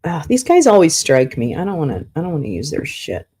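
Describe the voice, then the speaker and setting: A woman's voice: low voice, wildly swooping pitch, a little fast, mellow, husky. A woman hosting a casual livestream, talking to her chat, humming to herself, swearing and getting flustered while she searches for something. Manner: flustered and confused, talks to chat. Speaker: livestream host.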